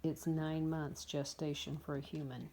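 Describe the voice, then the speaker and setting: A woman's voice: deep voice, level tone, measured pace, a little mellow, slight background noise. A woman in her fifties, a dog breeder, chatting casually and bluntly about her puppies at her kennel, with exasperated asides. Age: 50s. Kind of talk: casual vlog chat.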